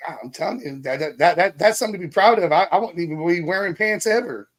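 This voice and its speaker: A high-voiced man joins a fan live stream as a guest. He talks bluntly, swears casually and ribs the host. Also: fast, fairly bright tone. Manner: blunt, profane, ribbing. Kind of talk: casual chat.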